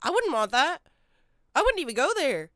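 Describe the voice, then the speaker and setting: Woman, streamer, blunt and profane, dry close sound, high voice. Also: sing-song, moderate pace, fairly bright tone, dry recording. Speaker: streamer reacting to a video. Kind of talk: casual reaction commentary.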